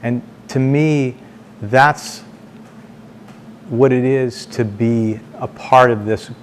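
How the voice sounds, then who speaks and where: A man's voice: mid-range voice, slight background noise. Man telling stories to a board. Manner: halting, repeats words, slows down for emphasis. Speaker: board member addressing the board. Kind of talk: storytelling speech to a meeting. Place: meeting room, speaking standing before a group.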